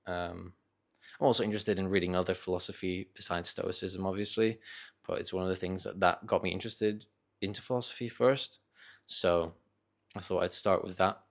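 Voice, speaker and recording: Low, flat-voiced young man musing. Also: moderate pace, creaky. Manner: thoughtful, hesitant, with fillers and restarts. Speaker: vlogger. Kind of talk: casual reflective talk to camera.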